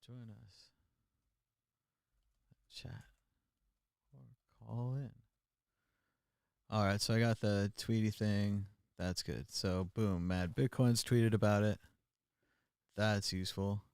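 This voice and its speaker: A low-pitched man hosts a live internet call-in show, talking in a loose, rambling way full of "uh"s. He often drops into quiet muttering as he clicks around the computer. His voice sits close and dry, with no room sound. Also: gravelly, no echo. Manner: rambling, thinks aloud and mutters while working the computer. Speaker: host of a live call-in stream. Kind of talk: casual live-stream talk.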